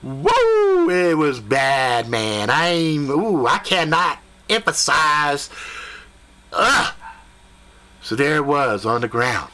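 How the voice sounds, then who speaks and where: A man tells a comic story with big swings of pitch and a bright, forceful tone. He swears freely and throws in voices and sound effects as he goes. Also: slow pace, hardly any pauses. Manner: animated, profane, jumps into voices and sound effects. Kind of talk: comedic spoken storytelling.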